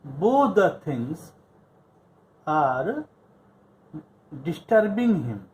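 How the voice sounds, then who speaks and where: A man's voice: fairly high pitch, big pitch swings, very slow, a little mellow, slight background noise, low-quality recording. A male English literature teacher explaining a play line by line, patiently repeating and paraphrasing each line.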